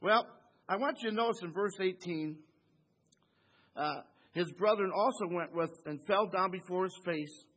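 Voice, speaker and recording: A man's voice: high-pitched, moderate pace, a bit bright. A man preaching a Bible study sermon who keeps asking the congregation "Amen?" and chuckles between phrases.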